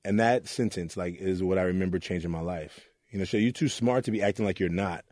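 A man's voice: low-pitched, fairly quick, darkish tone, dry recording, studio quality. A man from Oakland, a youth mentor, telling personal stories in an interview in an earnest way and acting out the voices of people he quotes. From Oakland, California. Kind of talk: candid interview storytelling.

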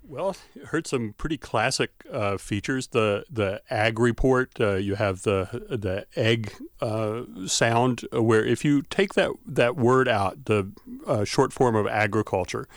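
A man who is a university scholar of regional culture, giving measured, explanatory answers as a radio guest, with many fillers. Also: mid-range voice, no room sound, studio quality.

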